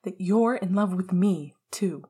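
Woman reading as a desperate, heartbroken young man, raw pleading delivery, husky, storybook audio. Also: fairly low pitch, unhurried, warm tone.

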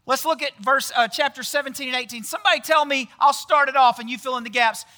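A pastor delivers a casual sermon in a very high, sharp voice at a fast clip. He keeps it chatty, often quizzing the audience and tagging lines with "right?"

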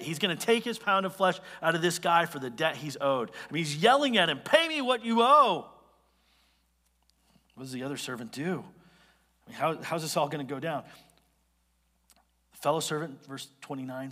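A male pastor preaching a sermon, explaining scripture in an animated, conversational way with quick asides. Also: on the high side, breathy edge, long reverb tail. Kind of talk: expository sermon.

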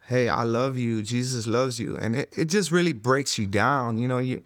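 A man's voice: mid-range voice, moderate pace, no echo, clean studio sound. Earnest middle-aged man giving testimony. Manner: earnest, repetitive "you know" fillers, drops to a hush at emotional moments. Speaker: interviewee telling his testimony. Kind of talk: conversational testimony. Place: recorded interview in a studio room.

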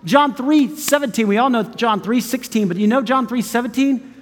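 Male pastor, high voice, emphatic sermon delivery with hushed asides, long hall reverb. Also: moderate pace. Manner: emphatic, swinging from loud urgency to hushed intimacy; chuckles between phrases.

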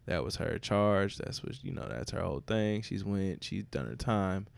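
A man's voice: lowish voice, normal speed, creaky, no echo. A man hosting a podcast in loose, profane, joking casual chat. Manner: laid-back, profane, joking. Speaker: podcast host.

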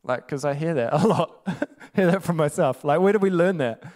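Male preacher, casual sermon, frequent laughter, fairly high voice. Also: moderate pace, darkish tone. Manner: chatty, laughing often, rhetorical asides.

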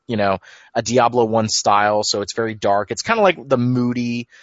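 A man's voice: medium pitch, fairly even intonation, normal speed, no echo, muffled recording. A man on a casual gaming podcast, rambling enthusiastically and often cutting himself off mid-sentence. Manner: rambling, self-interrupting, enthusiastic. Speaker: podcast co-host.

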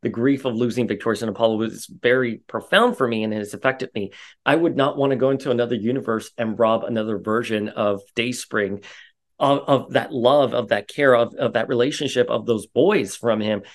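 A man giving opinionated casual commentary, animated and ranting, his voice rising sharply when he gets riled. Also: medium pitch, a little fast.

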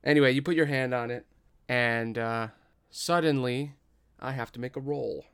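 Gravelly man narrating a tabletop game. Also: mid-range voice, a bit bright, no room sound, clean studio sound. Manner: slow dramatic narration, casual asides. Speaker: game master.

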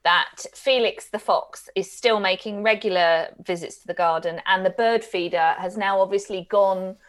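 A woman co-hosting a podcast in a relaxed, easygoing chat. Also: mid-range voice, normal speed. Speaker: podcast co-host. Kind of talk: casual chat.

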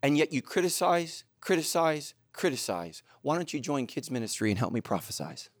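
A middle-aged man preaching a sermon, telling stories animatedly, moving between loud excitement and low, earnest intensity. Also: normal speed, no room sound. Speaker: pastor.

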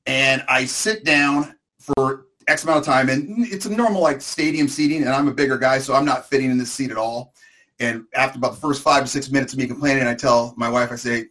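A man's voice: mid-range voice, fast, fairly bright tone. Man rambling through a comic story. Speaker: co-host. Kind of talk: casual storytelling chat.

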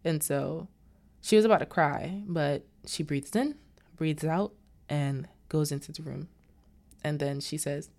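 A woman's voice: deep voice, slow. A woman casually retelling a movie's plot as a recap host, acting out the characters' lines as she goes. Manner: animated retelling with quoted dialogue.

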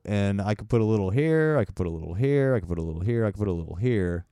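A man's voice: on the low side, lively intonation, rapid-fire, mellow, smooth, no echo, studio quality. A man co-hosting a podcast, rambling through casual chat and laughing often. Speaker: podcast co-host. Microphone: studio mic with headphones.

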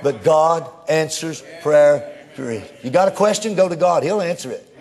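A male preacher delivering an animated sermon that swings between hushed and shouted lines. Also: fairly high pitch, measured pace.

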